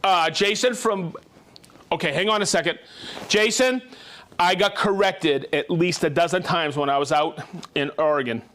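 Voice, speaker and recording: A man hosting a live-streamed show, reading out viewers' names and towns in a quick, jokey, upbeat way. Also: on the high side, a bit bright. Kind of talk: casual live-stream shout-outs.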